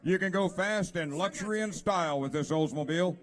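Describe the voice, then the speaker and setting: A man's voice: high-pitched, a little fast. Man enthusiastically presenting cars at auction. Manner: enthusiastic describing of car features. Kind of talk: reading out car descriptions.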